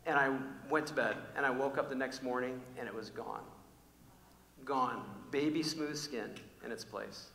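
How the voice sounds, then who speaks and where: A man preaching a sermon, telling personal stories in an animated, conversational way with frequent restarts. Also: mid-range voice, normal speed, slight background noise. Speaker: pastor. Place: large church hall. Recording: echoey church hall with long reverb.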